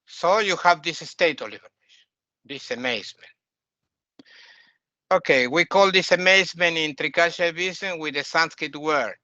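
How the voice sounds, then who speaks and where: A man's voice: a little high, sharp tone, dry recording, highs cut off. A man teaching a spiritual lecture, explaining terms patiently and asking his listeners questions.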